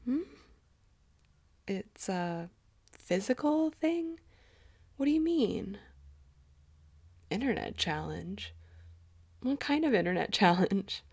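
Whispered role-play: a doting, teasing middle-aged mother, as a woman plays her, cooing softly and drawing her words out very slowly. Her voice has a gravelly, fry-tinged edge, and she keeps slipping into breathy murmurs. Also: medium pitch, lively intonation, full character voice. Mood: flirtatious whisper. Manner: coos and murmurs, soft breathy asides.

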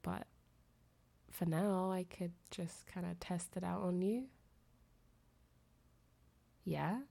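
Sick, nasal young woman, slow. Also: fairly low pitch, fairly even intonation, creaky. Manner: soft, intimate, giggly, trailing off. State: sick with a fever, nasal and congested. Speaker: audio creator. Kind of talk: girlfriend phone-call role-play.

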